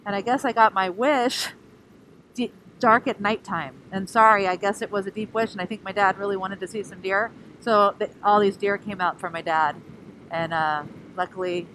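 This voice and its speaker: A tired motorcycle rally vlogger rambles casually while riding a scooter outdoors, her voice on the low side. Playful and silly, she bounces between jokes and emotion over loud wind noise.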